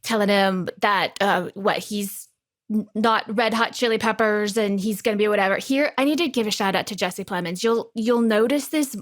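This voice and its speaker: A woman in her thirties chats on a relaxed podcast about a show she acted in. She tells stories with feeling and gets emotional easily. Her voice sits at an ordinary pitch for a woman. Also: normal speed. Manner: emotional, chatty storyteller. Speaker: podcast co-host, actor from the show. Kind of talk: casual rewatch podcast chat.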